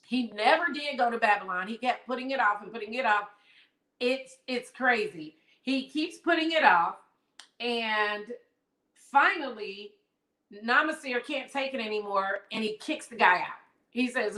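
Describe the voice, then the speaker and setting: A woman with a bright, fairly high voice leads a live-streamed book lesson. She retells the story in an animated way, reads passages aloud and keeps putting questions to her viewers. The sound is echoey, as if from a bare room. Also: measured pace. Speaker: online book study host.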